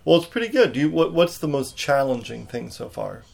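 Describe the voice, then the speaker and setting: Gravelly-voiced dad asking questions. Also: male voice, mid-range voice, very animated, a little fast, a little mellow. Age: adult. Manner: prompting questions, encouraging. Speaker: parent co-host talking with his child. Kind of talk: casual family chat. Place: home during a thunderstorm.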